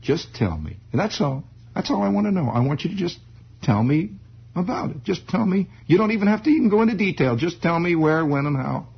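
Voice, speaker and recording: A stern father speaks low and slow, coaxing and pressing in a hushed, gravelly rasp, as a man acts him out. The recording sounds dull and lo-fi. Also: very animated, full character voice.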